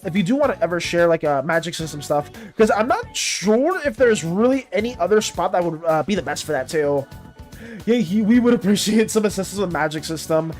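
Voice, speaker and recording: A streamer talks casually to chat while working on art, reading messages aloud and trailing off into fillers and restarts. The pitch jumps around a lot, animated and bouncy. Quiet music plays faintly behind the voice. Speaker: streamer and artist. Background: faint background music.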